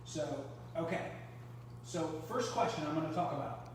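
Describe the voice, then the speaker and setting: A man's voice: on the high side, lively intonation, normal speed, a little hiss or hum. A man hosting a live product demo beside a swim spa, chatty, explaining as he goes with restarts. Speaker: host and triathlon coach.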